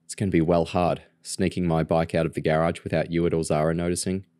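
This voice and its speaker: A man's voice: sits low, flat delivery, quick pace, warm tone, smooth, dry recording, studio quality, lightly acted. A man voicing a blunt, exasperated teenage boy who looks out for his younger sister. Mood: firm. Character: exasperated teenage boy, protective older brother.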